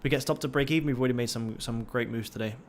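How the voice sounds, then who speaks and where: A man's voice: mid-range voice, fairly even intonation, racing, slight background noise. Profane, fired-up young man on a livestream. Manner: swears constantly, pumped-up and motivational. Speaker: livestream trading host. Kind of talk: casual livestream commentary.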